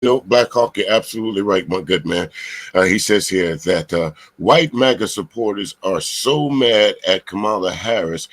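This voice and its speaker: Man, host, casual commentary, husky, lowish voice, rambling, halting. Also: lively intonation, fairly bright tone. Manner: rambling, stumbles and searches for words.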